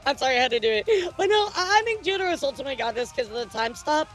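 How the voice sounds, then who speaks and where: A high-pitched woman reacts out loud on stream in easy casual chat. She gets excitable, laughs often and jumps in with quick asides. Soft music plays underneath. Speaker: VTuber reacting to a video.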